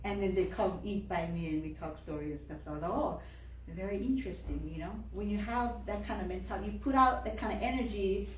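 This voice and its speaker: A woman's voice: mid-range voice, quick pace, a little hiss or hum. A woman in her thirties from gives a candid personal faith talk in church, acting out quoted voices and laughing often. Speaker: church member giving a talk. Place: church hall. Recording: roomy, from far off the mic.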